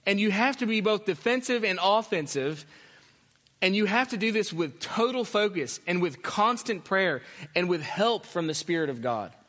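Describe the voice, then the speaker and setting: A man's voice: high voice, expressive, normal speed, fairly bright tone. A man preaching a sermon as pastor, earnest and emphatic, repeating his key phrases. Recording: long hall reverb.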